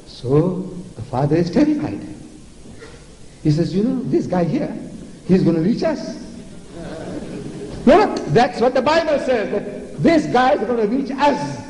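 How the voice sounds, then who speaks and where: Sarcastic older lecturer in echoey hall. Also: male voice, sits high, warm tone. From South Africa. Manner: sarcastic, theatrical, mocking. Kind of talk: public religious lecture.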